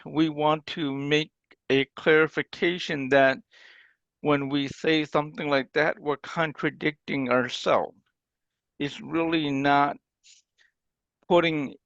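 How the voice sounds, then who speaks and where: A man teaches an online language class in an unhurried, patient way, pausing to demonstrate example phrases. His voice sits a little high for a man. The dry, dull-sounding video call audio has a lo-fi quality. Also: a bit bright, no room sound.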